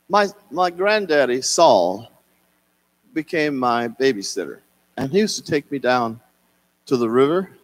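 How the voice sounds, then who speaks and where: An older man, an author and singer, telling a childhood story at a live reading in an expressive, sing-song way. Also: mid-range voice. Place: concert hall at a public reading.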